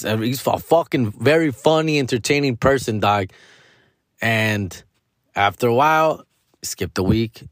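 A man's voice: medium pitch, no room sound, studio quality. A man in his forties hosting his own podcast, rambling casually in a slangy, profane way and peppering his speech with "fool" and "dog". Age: 40s. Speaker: podcast host. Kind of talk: casual monologue.

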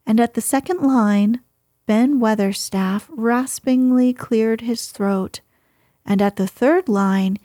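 A woman reading a novel aloud in whispered storytelling, soft and gentle, close to the mic. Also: on the high side, slow pace, no room sound.

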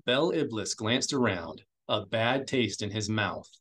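A man reading an audiobook in steady, measured storytelling narration. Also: lowish voice, breathy edge. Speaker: audiobook reader.

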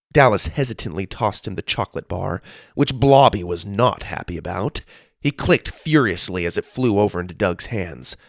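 A man narrates a storybook in a low, gravelly voice. His reading swings up and down with lively expression. The sound is dry and close to the mic. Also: no echo.

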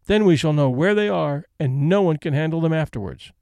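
A brisk, composed elderly lady who is practical and decisive even in grief, read by a male storyteller. The voice sits a little high and sounds close and dry. It could come from an audiobook. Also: no room sound.

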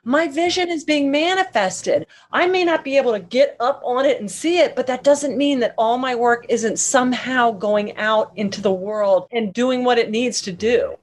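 A woman's voice: on the high side, normal speed, few pauses. A woman hosting an interview, enthusiastic and affirming as she shares her own reflections. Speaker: host. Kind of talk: conversational interview.

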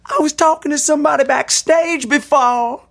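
A man imitating a brash male rock frontman shouting stage banter to a crowd, his voice hoarse. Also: extremely high pitch, moderate pace, pitched above the performer's own voice, exaggerated voice. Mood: hyping.

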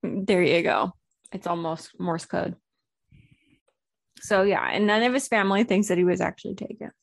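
A woman's voice: lowish voice, steady tone, moderate pace, vocal fry, no room sound. A woman co-hosting a casual podcast, chatty and a bit sweary, breaking into silly sound effects. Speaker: podcast co-host. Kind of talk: casual chat.

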